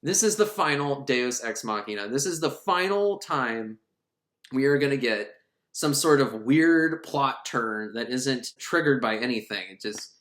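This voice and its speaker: A man recaps an animated film with sarcastic, profane humor, his pitch swinging widely as he goes. His voice sits in the middle of the male range. The room around him is echoey. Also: unhurried. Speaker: movie reviewer. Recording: roomy echo.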